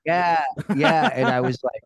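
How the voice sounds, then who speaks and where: A man telling a story as a podcast guest, animated and profane, often repeating words as he restarts his sentences. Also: a little high, measured pace, dry recording, studio quality. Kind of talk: casual storytelling.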